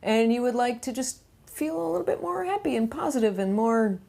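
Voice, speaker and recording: A woman's voice: fairly high pitch, expressive, a little fast, vocal fry, mellow. A woman hosting a casual interview chat, laughing readily and encouraging her guest. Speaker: host.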